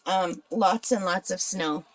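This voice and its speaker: A woman's voice: on the low side, slow, a little hiss or hum. A woman in her forties from northern Ontario, Canada, chatting casually and rambling while she works on a craft. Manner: chatty, rambling, asks viewers questions. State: hiccups. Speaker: crafting channel host.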